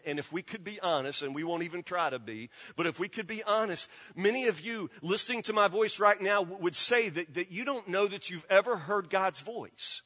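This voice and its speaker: A man's voice: a little high, sharp tone. A man preaching as a pastor, earnest and direct, repeating his points and appealing straight to his listeners. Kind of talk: sermon. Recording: long hall reverb.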